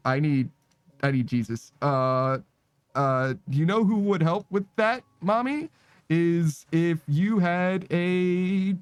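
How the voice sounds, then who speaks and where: A male streamer chatting casually on a live stream, rambling through shout-outs and often laughing and swearing. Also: mid-range voice, no room sound. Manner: keeps tacking a running joke word onto sentences, laughs and swears often.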